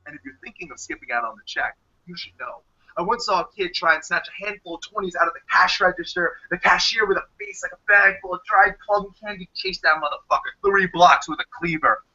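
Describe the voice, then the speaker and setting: A man with a New Jersey accent performs spoken word poetry, his voice high and piercingly bright. His delivery is punchy and sardonic, peppered with profanity. The livestream audio is dull and lo-fi. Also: brisk. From United States. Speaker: poet.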